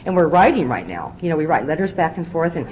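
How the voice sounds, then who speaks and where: A woman's voice: low voice, big pitch swings, fast talker, muffled recording, slight background noise. An older woman sharing her story at a recovery meeting, confiding and acting out the dialogue of the people in it. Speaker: AA speaker.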